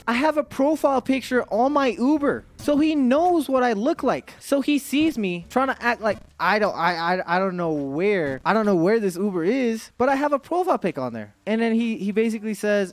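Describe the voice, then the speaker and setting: A young man tells a crude story to his chat in a rambling way, stumbling over his words and restarting. His pitch swings widely from low mutters to high outbursts. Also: big pitch swings, moderate pace. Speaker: streamer telling a story. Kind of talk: storytime vlog.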